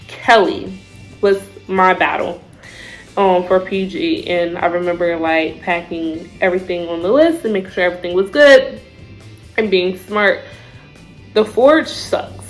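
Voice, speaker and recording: A young woman telling, in a casual vlog, about her time in Army basic training, with frequent fillers and lively drill-call shouts. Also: medium pitch, rough recording. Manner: animated storyteller, shouts out drill calls; says "like" and "I remember" often.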